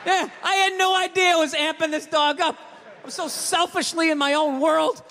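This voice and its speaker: A man doing a stand-up comedy routine on a theater stage, ranting and swearing, swinging from mutters to shouts. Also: very high-pitched, fairly even intonation, normal speed, some chatter behind, a little hiss or hum. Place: large theater stage with live audience. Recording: live hall with audience.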